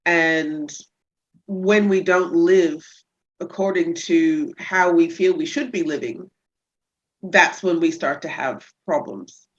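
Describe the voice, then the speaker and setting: Storytelling woman chiropractor, lo-fi audio. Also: slow. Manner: lively storyteller who acts out patients in high voices. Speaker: chiropractor guest. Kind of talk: casual podcast interview.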